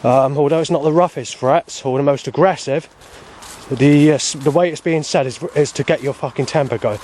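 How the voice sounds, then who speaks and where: A man's voice: fairly high pitch, a little mellow, slight background noise. A man, rambling in an aggrieved personal monologue, swearing often and restarting his sentences. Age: 40s. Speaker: vlogger.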